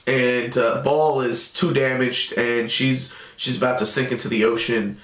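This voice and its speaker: A man's voice: mid-range voice, steady tone, unhurried, a bit bright, roomy sound. A man casually recapping a cartoon episode in a loose, rambling way. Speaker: show reviewer.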